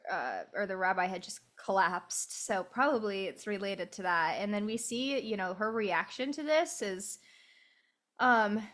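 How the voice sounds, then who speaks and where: A woman's voice: mid-range voice, a bit bright. Easygoing Midwestern woman podcast co-host. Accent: Midwestern American. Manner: easygoing, pauses with "um". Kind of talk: casual chat about a film.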